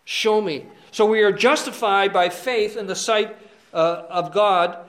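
High-voiced male preacher, roomy echo. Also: measured pace, fairly bright tone. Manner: conversational, asks "okay?" often, many fillers. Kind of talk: expository sermon, verse by verse.

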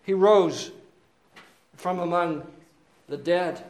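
A man's voice: high-pitched, takes it slowly, darkish tone, echoey room. A man voicing a smug male devil in a fine suit who boastfully insists he believes. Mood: smug eager. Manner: eager, boastful, over-agreeable.

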